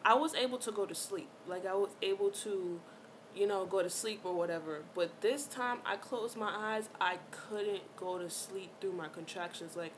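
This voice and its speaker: Woman, vlogger, casual storytime, slangy and animated, mid-pitched voice, slight background noise. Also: moderate pace. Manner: chatty and animated, with slang and many fillers. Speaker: vlogger telling a personal story.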